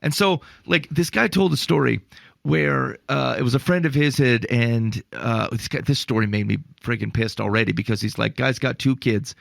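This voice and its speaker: Male podcast co-host, gravelly and mid-range, dry booth sound; animated storyteller with exasperated asides. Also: mid-range voice, normal speed, no room sound. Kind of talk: casual podcast chat on faith.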